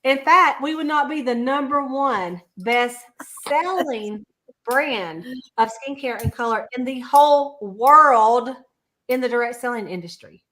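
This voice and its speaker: Chatty, higher-voiced woman, casual sales talk over a video call. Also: expressive, unhurried, a bit bright. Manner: chatty, storytelling, laughs often. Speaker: sales consultant. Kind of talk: casual livestream chat.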